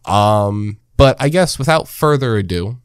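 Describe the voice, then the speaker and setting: A young man hosting a casual podcast, relaxed and full of fillers, laughing often. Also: on the low side, measured pace, clean tone, dry recording, studio quality. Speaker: podcast host.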